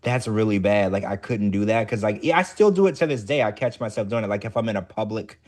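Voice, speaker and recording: A man co-hosting a casual podcast recap, chatty and animated, his voice jumping up high when excited. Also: fast. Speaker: podcast co-host.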